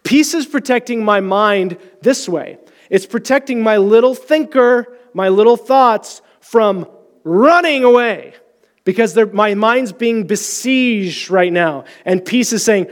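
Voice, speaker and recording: A man delivers a sermon in a lively storytelling style, jumping into higher voices to act out quotes. When he turns to prayer, he slows down and softens gently.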